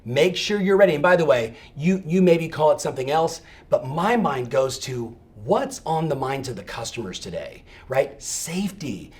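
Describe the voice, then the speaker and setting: A middle-aged man giving an energetic coaching talk to real estate agents, emphatic and fired up, often checking in with "right?". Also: a little high, normal speed, hardly any pauses.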